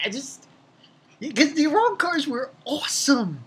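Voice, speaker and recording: A young man casually reviewing a comic chapter, rambling and excitable, swearing freely and laughing at his own jokes. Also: extremely high pitch, normal speed, slight background noise. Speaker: manga reviewer.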